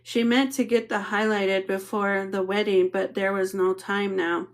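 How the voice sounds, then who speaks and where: A woman narrating an audiobook in a steady, matter-of-fact reading. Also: mid-range voice, measured pace.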